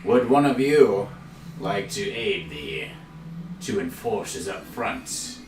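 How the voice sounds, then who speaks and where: A man's voice: on the low side, very animated, takes it slowly. Man playing a grave, formal expedition leader. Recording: echoey room, distant mic, noisy.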